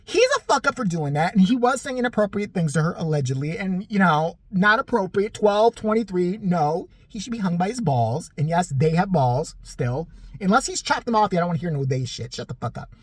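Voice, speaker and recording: Profane, sarcastic vlogger with a husky voice. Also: mid-range voice, animated, a little fast, dry recording. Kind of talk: ranting commentary.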